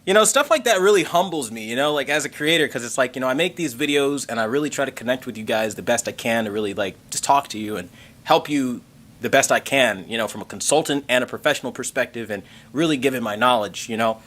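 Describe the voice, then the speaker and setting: A man hosting a tech livestream in casual chat, excitable and rambling, swearing casually and thanking members. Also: mid-range voice, fast. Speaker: tech channel host reading member messages on a livestream.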